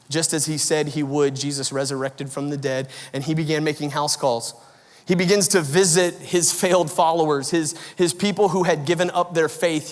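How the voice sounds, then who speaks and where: A man preaching a sermon as pastor, telling a story with animated swings between loud bursts and quiet, low lines. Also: in a large hall. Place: large church auditorium.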